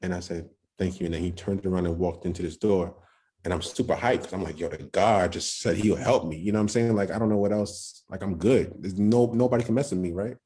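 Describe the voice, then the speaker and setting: Man, very low voice, mellow tone, casual halting storytelling. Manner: loose, halting, with many restarts and street slang. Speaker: podcast guest.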